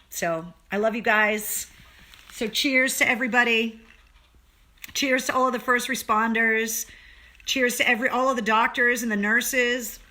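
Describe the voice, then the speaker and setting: Bright-voiced woman hosting an emotional livestream. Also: medium pitch. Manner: earnest, emotional, swears freely, rambling restarts. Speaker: livestream show host. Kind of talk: casual livestream talk to viewers.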